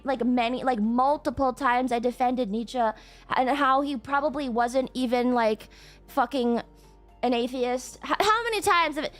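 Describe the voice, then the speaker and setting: A woman's voice: high voice, fairly bright tone. A woman streaming live, reading out chat messages and ranting back at them, swearing and throwing mock tantrums. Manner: reads out and reacts to chat messages. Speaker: VTuber streamer.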